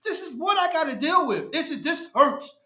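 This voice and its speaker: A man's voice: very high voice, sing-song, moderate pace, pushed and bright. A man hosting a fan show, ranting after a game, frustrated and repetitive. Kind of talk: post-game fan rant. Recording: echoey room.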